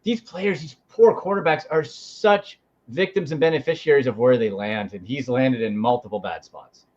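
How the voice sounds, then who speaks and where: A man talking as a fantasy football analyst on sports radio, giving quick, emphatic takes with frequent restarts. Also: mid-range voice, a little mellow, muffled recording.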